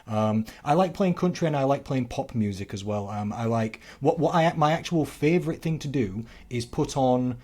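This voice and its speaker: A man's voice: mid-range voice, expressive, normal speed, few pauses. Emphatic man. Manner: emphatic, swings between punchy loud stresses and quiet asides. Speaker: fitness coach and podcast co-host. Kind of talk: casual podcast chat.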